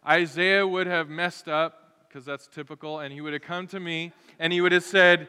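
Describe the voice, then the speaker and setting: A man preaching a sermon as pastor, lively and conversational, acting out the voices of people in his stories. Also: on the high side, moderate pace, few pauses, smooth. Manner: animated, acts out voices of others. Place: church sanctuary. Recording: long hall reverb.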